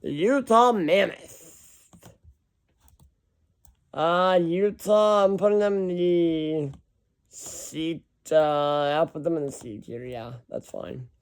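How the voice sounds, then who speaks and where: A hockey fan ranking team schedules gives casual solo commentary, rambling and correcting himself as he reads long lists of teams aloud. His slightly high, smooth voice moves slowly with frequent pauses.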